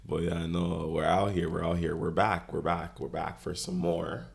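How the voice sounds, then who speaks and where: A man's voice: deep voice, little pitch movement, moderate pace, gravelly. A young man with a Toronto accent, co-hosting a podcast in casual chat, brash and swearing freely. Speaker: podcast co-host.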